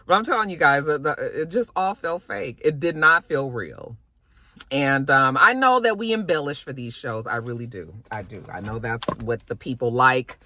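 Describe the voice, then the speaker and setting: A woman's voice: extremely low pitch, normal speed, dry recording. A woman recapping a reality show in casual, chatty commentary, swearing freely and acting out what people said. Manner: animated, chatty, swears freely, acts out quotes.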